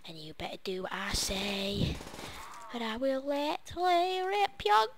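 A young man voicing a scary bald male schoolteacher who makes slow, quiet threats, half whispered. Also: very high voice, very animated, creaky, noisy background, pitched above the performer's own voice, exaggerated voice. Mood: menacing. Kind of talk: gaming commentary impression.

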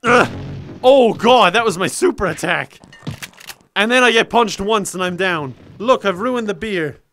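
A young man in his twenties with an Irish accent, giving joking, excitable gameplay commentary and often yelling and laughing. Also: sits high, unhurried, a little hiss or hum. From Ireland. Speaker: gaming YouTuber.

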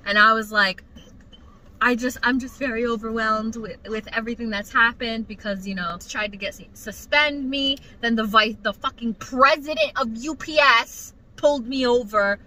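A young woman vlogger telling a work story to her mother in casual, animated, profane talk. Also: fairly high pitch, normal speed, slight background noise, rough recording.

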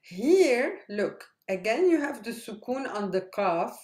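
A woman teaching a language lesson, spelling out syllables slowly and checking in with "right?". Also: fairly high pitch, big pitch swings, darkish tone. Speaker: Arabic teacher. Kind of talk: slow explanatory lesson. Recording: echoey room.

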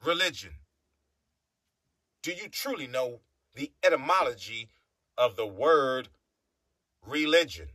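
A man's voice: mid-range voice, lively intonation, slow, long pauses, bright, forceful tone, no room sound. A man from the United States preaching a monologue, emphatic, repeating his phrases and humming between thoughts.

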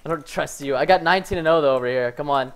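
A man giving live commentary over his own gameplay, excitable and prone to yelling, with "fudge" in place of swear words. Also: on the high side, fast talker, clear, resonant tone. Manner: excitable, yells when hyped, says "fudge" instead of swearing. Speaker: gaming streamer.

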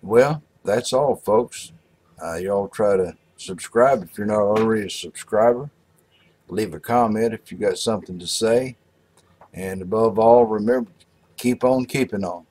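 A man's voice: lowish voice, measured pace, a little mellow. A man hosting his channel in casual workshop vlog talk, folksy and rambling with frequent restarts. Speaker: channel host.

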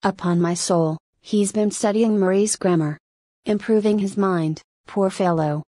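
A woman's voice: medium pitch, steady tone, unhurried, mellow, no echo, lightly acted. A woman reading the part of a jaunty male sailor who rambles wryly to himself in an audiobook. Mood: musing. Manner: wry, rambling soliloquy.

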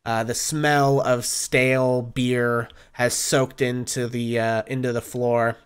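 A man's voice: mid-range voice, flat delivery, slow, clear, resonant tone. A man narrating as game master of a tabletop game, describing scenes with many fillers.

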